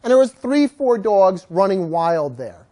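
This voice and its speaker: A man teaching a dog-training class, telling stories with lively, acted-out voices. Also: sits high, measured pace. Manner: animated, acts out quoted voices. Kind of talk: storytelling lecture to a class.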